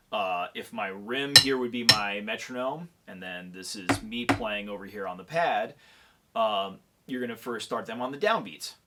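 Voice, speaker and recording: A man's voice: mid-range voice, sharp tone. A man giving a percussion lesson who counts beats aloud and keeps checking in with the listener. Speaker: percussion clinician. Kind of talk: instructional demonstration.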